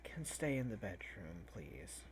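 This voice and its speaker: Woman voicing a cold, clipped masked doctor with a lively pitch, tabletop game. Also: a little slow, exaggerated voice. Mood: annoyed. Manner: dry, clipped threats. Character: stern masked female doctor, cold and threatening.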